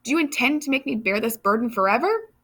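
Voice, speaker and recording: A woman's voice: fairly high pitch, animated, fast talker, pushed and bright, breathy edge, exaggerated voice. A woman doing a brash cocky strongman. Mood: wrathful. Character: brash young male strongman, impatient and cocky.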